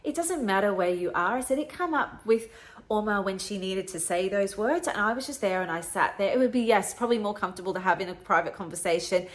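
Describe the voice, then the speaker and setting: A woman's voice: mid-range voice, lively intonation, fast talker. A middle-aged woman tells a personal story with emotion and earnestness. Her voice sits in a middle register, and she often circles back and repeats her words as she talks. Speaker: podcast host.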